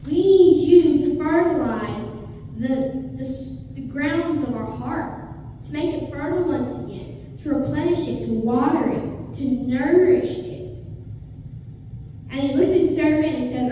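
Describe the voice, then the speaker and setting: Woman preacher, high voice, mellow tone, earnest dramatic sermon, far from the mic, echoey hall. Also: unhurried, a little hiss or hum.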